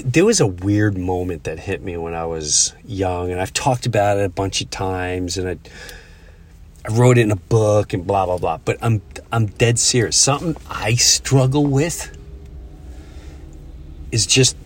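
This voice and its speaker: A man's voice: lowish voice, expressive. Middle-aged man telling stories casually. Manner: storytelling, halting restarts. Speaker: podcast host. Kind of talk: casual chat.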